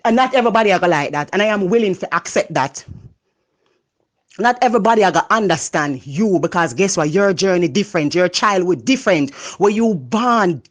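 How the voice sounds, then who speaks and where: Jamaican woman, motivational speaker, loud, passionate, patois-laced talk. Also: fairly low pitch, lively intonation, brisk. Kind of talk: motivational monologue.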